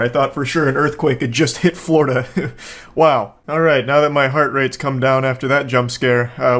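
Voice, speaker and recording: Male reaction commentator at home, mid-pitched, dry sarcastic jokes and loose rambling delivery. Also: a bit bright. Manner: sarcastic, joking, rambling asides. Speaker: video commentator.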